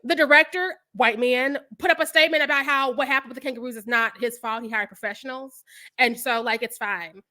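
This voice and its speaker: A young adult woman chatting as a podcast guest, telling stories with animated quoted voices and frequent laughter. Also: high voice, fairly quick. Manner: animated storytelling, acts out quotes, laughs often. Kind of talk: casual chat.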